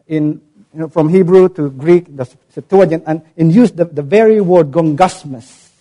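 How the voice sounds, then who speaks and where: A male pastor preaching a sermon in a somewhat high voice. He teaches with emphasis, spells out words, gives examples and lingers on key terms. He slows right down whenever he reads a verse aloud. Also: dark tone.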